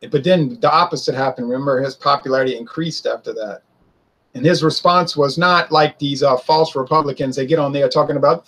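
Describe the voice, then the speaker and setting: A man talks through a casual opinion monologue in a husky voice that sits a little on the high side. He is animated and keeps slipping into high, mocking impressions of other people. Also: brisk. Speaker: political commentator.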